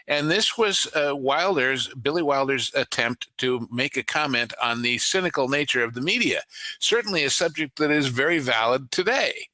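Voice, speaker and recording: A man co-hosting a film podcast, telling anecdotes and summing up a plot, often pausing on fillers. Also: mid-range voice, expressive, sharp tone, dry recording. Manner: anecdotal, storytelling with filler words. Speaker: podcast co-host. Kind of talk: casual podcast chat, film synopsis.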